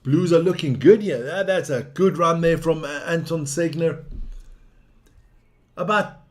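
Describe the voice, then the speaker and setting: A man giving casual live rugby commentary, excitable and blunt, swearing at the referees. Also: on the high side, unhurried. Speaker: watch-along rugby commentator.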